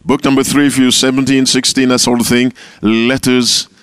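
A man preaching a sermon as pastor, asking his listeners questions and answering them himself, with quotes acted out softly. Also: mid-range voice, little pitch movement, moderate pace, smooth, no echo. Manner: call-and-response preaching, questioning the audience. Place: camp meeting talk.

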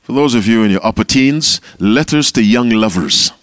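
A man preaching a sermon as pastor, asking his listeners questions and answering them himself, with quotes acted out softly. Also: medium pitch, lively intonation, moderate pace, dry recording. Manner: call-and-response preaching, questioning the audience. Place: camp meeting talk.

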